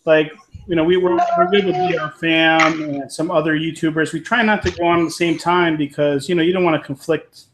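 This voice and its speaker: A man who hosts livestreams, chatting casually on a video call in a relaxed way with many fillers. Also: on the high side, fairly quick. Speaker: YouTube livestreamer. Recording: echoey room with clear noise.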